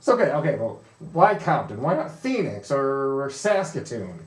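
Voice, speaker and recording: A man's voice: medium pitch, very animated, normal speed. A man hosting a comedy sports talk show, asking questions in a dry, teasing way. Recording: roomy sound from a distance.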